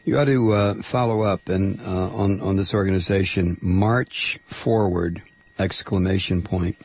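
A man's voice: deep voice, fairly even intonation, a little slow, gravelly, darkish tone, slightly rough. A man hosting talk radio, reading quotes aloud and commenting with frequent hesitant fillers. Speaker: radio host.

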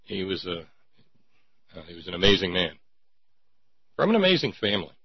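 A man with a low, husky voice hosts a talk show, rambling wryly from point to point with sarcastic asides. The recording is dry and dull, with a muffled lo-fi sound. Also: big pitch swings, a little fast, no echo. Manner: wry, digressive, sarcastic. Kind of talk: casual radio-style commentary.

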